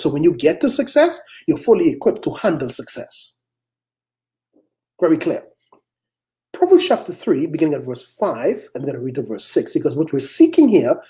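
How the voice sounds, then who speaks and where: A male pastor preaching a sermon, emphatic, swinging into quick acted-out prayers and sharp rising challenges. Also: fairly high pitch.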